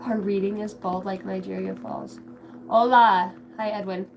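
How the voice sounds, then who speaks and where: A woman's voice: medium pitch, steady tone, measured pace, gravelly, soft background music, low-quality recording. A middle-aged woman hosting a tarot livestream, chatting casually, swearing often and jumping between chat comments. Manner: profane, scattered, reads chat aloud.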